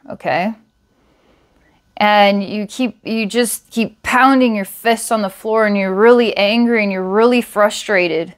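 A woman giving an intuitive psychic reading, talking in a halting, searching way with many fillers and repeated words, sometimes slow and hushed. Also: mid-range voice, clean tone. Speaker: psychic reader.

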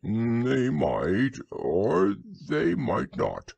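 A man voicing a gentle, slow-thinking teddy bear in a bedtime audiobook, musing and earnest. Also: mid-range voice, wildly swooping pitch, creaky, slightly rough, dry recording, full character voice.

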